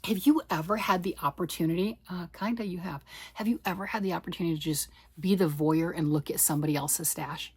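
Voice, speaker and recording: A woman's voice: on the low side, quick pace, a little mellow, husky, no echo. A woman hosting a knitting podcast, rambling and self-deprecating as she chats casually with her listeners. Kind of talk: casual chatty monologue.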